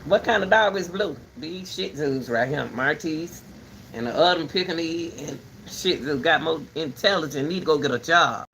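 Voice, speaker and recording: Bright-voiced chatty woman. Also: sits low, normal speed, a little hiss or hum. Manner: animated, chatty, talks to her dogs and viewers. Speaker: commentary channel host. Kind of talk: casual rambling livestream chat.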